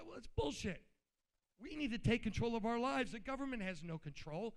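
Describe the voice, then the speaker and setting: A man's voice: extremely high pitch, animated, fairly quick. A man giving an informal, blunt political speech at a convention, riled up and colloquial. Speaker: convention speaker. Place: convention hall.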